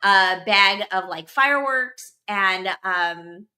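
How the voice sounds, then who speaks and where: A woman's voice: medium pitch, takes it slowly, pushed and bright. A young woman hosting a podcast, telling a story in casual chat, full of "like" and filler words. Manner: chatty, full of "like" and "blah, blah". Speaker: podcast host.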